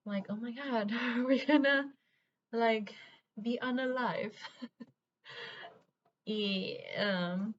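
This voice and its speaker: A woman's voice: mid-range voice, lo-fi sound, slight background noise. Chatty young woman from Venezuela. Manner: rambling, candid, laughs through hard memories. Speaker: vlogger. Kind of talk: get-ready-with-me chat while doing makeup.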